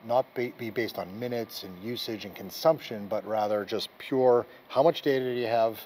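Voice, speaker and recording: A man with a Boston accent, answering interview questions quickly and emphatically, at a conference. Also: lowish voice, darkish tone. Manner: fast, emphatic, rhetorical questions. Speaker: interviewed executive. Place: busy conference venue. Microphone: camera mic at a trade show.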